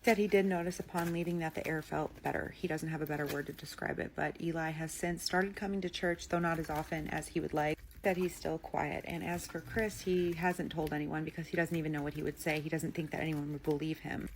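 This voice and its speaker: A woman's voice: low-pitched, steady tone, a little fast, hardly any pauses, slight background noise. A woman telling viewer-submitted stories in a casual, conversational way, often saying "like" as she goes. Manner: chatty, conversational, with frequent "like" and "he's like". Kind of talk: casual storytelling to camera.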